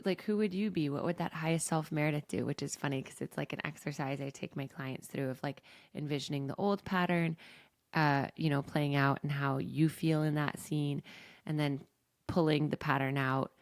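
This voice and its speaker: A young woman hosting her own podcast speaks candidly and self-reflectively about a recent personal struggle. Her voice sits low with a noticeable vocal fry. The sound is dry, with no room echo. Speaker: podcast host and coach.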